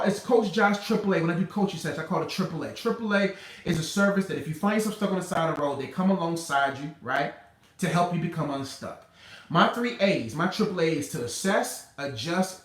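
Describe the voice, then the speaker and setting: Emphatic coach, higher voice, echoey room. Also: male voice, distant mic. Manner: emphatic, preacher-like, conversational, repeats key phrases. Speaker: relationship coach. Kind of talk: motivational advice talk. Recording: roomy sound, speaker away from the mic.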